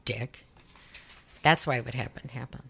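A woman's voice: fairly low pitch, expressive, moderate pace, a bit bright. A woman hosting a podcast, recounting a true-crime case in a chatty way with sarcastic, sweary asides. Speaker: podcast host. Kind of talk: casual true-crime storytelling.

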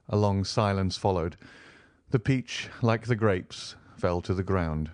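A man reading a classic novel aloud as an audiobook in a measured, expressive way. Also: low-pitched, no echo, clean studio sound. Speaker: audiobook volunteer reader. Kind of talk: scripted narration of a classic novel.

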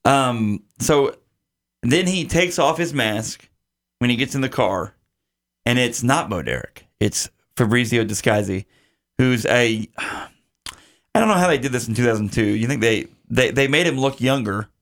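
A man's voice: medium pitch, animated, measured pace, fairly bright tone. Man rambling through a movie recap. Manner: rambling plot recap with many fillers. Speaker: podcast host. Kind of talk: casual movie-review chat.

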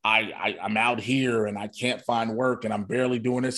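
A man's voice: fairly low pitch, fairly even intonation, normal speed, fairly bright tone. A man, a guest comedian, candidly telling a personal story in a casual podcast conversation, quoting himself and others as he goes.

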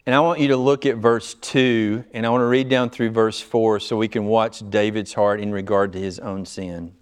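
A male pastor preaching an expository sermon, swinging between loud urgent emphasis and low, quiet asides. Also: fairly even intonation, moderate pace, smooth.

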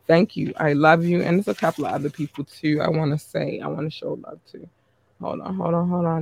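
A man hosting his podcast, reading out listener shout-outs in a chatty, upbeat way. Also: a little high, steady tone, a little fast, gravelly, slightly rough, no echo. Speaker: podcast host.

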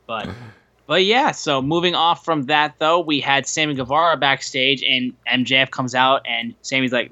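A man's voice: medium pitch, normal speed, dull audio. A man co-hosting a wrestling podcast, recapping a show casually and acting out quotes. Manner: animated retelling, acts out quotes. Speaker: podcast co-host.

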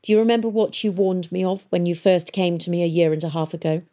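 A woman's voice: on the low side, quick pace, mellow, natural voice. A woman doing a falsely cheery scheming mayor. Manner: smooth, cheerful with cold menace. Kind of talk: audiobook character voice.

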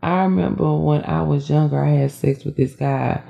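A woman who is a podcast guest, chatting casually and asking slow, drawn-out questions. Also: deep voice, steady tone, gravelly, dull audio.

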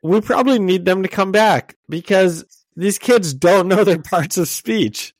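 A man's voice: sits high, unhurried, dry recording. Upbeat man recapping a comic. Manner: upbeat, laughs often, recaps the story. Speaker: podcast co-host. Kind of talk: casual chat.

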